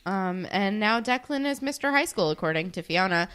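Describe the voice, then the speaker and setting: Wry young woman with lively intonation. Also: mid-range voice, moderate pace, clear, resonant tone. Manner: wry, blunt and expressive. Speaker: podcast co-host. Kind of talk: casual recap chat.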